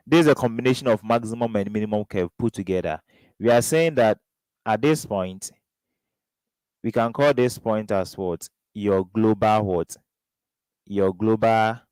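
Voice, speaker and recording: Brief: Ghanaian male tutor, lowish smooth voice, dry close sound, drills students with prompting questions. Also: darkish tone, dry recording, low-quality recording. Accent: Ghanaian English. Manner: question-and-answer drilling, keeps asking "what?". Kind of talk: exam revision lesson.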